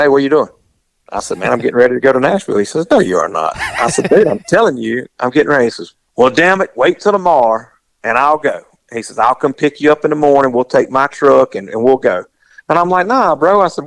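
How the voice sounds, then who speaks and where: This man's creaky, mid-range voice carries an animated story told in casual conversation, with him performing the dialogue along the way. There's no room sound in the recording.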